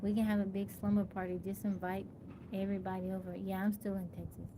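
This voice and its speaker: A woman chats easygoingly on a live stream, greeting her viewers by name in an even, level voice that barely rises or falls. She talks outdoors into a phone mic. A clearly audible hum of outdoor ambience sits behind her. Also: medium pitch, quick pace. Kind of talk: casual live-stream chat.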